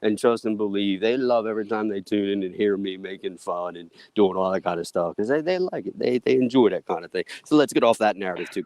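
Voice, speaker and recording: A man's voice: deep voice, a little mellow, no room sound. A man hosting a stream, chatting casually with friends, joking and swearing and laughing often. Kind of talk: casual group chat on a stream.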